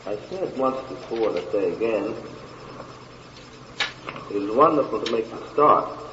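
A man preaching a sermon and reading scripture slowly and deliberately, with long pauses between phrases. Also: lowish voice, expressive, bright, forceful tone, roomy sound, big-room sound, highs cut off, a little hiss or hum.

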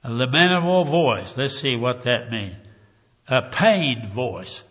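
Slow emotional preacher guy, bright voice, dull old tape in a big echoey hall. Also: mid-range voice, lively intonation. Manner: emotional, repeats "dear ones", swings from hushed to loud. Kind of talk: sermon. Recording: dull lo-fi recording, long hall reverb.

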